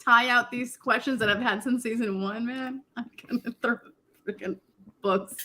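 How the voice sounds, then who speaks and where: A woman's voice: a little high, steady tone, moderate pace, sharp tone. A woman chatting on a live stream, teasing a friend. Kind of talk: casual live-stream chat.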